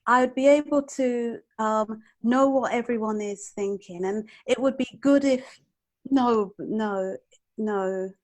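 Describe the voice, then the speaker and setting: High-voiced, slow, thoughtful woman guest. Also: a little mellow. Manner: thoughtful and hesitant, pausing to think. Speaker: interview guest. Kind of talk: casual interview chat.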